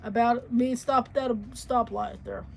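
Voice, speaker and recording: High-voiced, blunt, profane woman. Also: fairly even intonation, unhurried, vocal fry, darkish tone, a little hiss or hum. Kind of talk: casual livestream chat.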